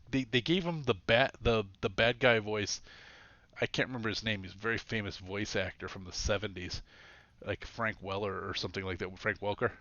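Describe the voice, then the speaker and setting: A man narrating a tabletop game as game master, rambling and correcting himself as he goes, with a quick laugh. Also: medium pitch, fairly bright tone, dry recording, muffled recording.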